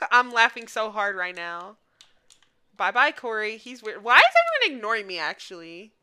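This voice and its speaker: A woman's voice: medium pitch, moderate pace, sharp tone, clear, resonant tone. A woman streamer giving casual commentary on her gameplay, playful and full of slang, teasing other players and laughing often. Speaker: gaming streamer.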